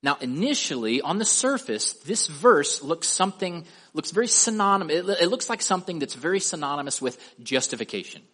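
A man preaching a sermon, asking his listeners rhetorical questions and slowing down to stress key words at the ends of his sentences. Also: on the high side, very animated, a bit bright.

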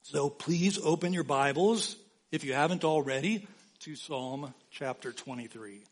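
A man preaching a sermon as pastor, slow and emphatic, repeating key phrases for weight. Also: fairly high pitch.

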